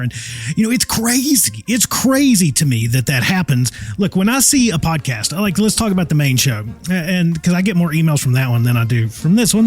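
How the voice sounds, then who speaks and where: A man's voice: fairly high pitch, sing-song, brisk, darkish tone, faint music behind. A man hosting a casual solo podcast, talking in a folksy, enthusiastic, rambling way from home. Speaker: podcast host.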